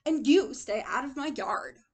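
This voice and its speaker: Woman doing a cranky cactus for a storybook read-aloud: loud, snappish, gravelly, lively pitch. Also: fairly quick. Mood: grumpy. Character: grumpy prickly male cactus who shoos everyone away.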